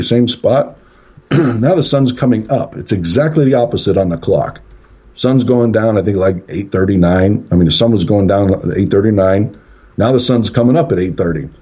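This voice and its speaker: A man guesting on a radio show, telling a long story in a rambling, casual way and acting out what people said. His voice sits low and is husky and mellow. The line sounds dull and lo-fi. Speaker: guest paranormal investigator.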